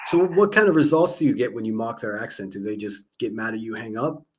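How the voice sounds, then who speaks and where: A man hosting a livestream call-in, relaxed and laughing often, rambling with fillers when he explains things. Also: mid-range voice, fast talker. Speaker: host. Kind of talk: casual livestream call-in chat.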